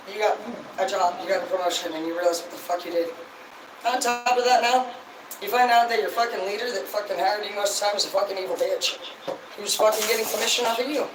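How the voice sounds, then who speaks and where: A woman's voice: mid-range voice, fairly quick, pauses often, background noise. Blunt, swearing woman on a distant, echoey mic. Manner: blunt, heavily profane, rambling. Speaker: livestream host. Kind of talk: casual livestream rant.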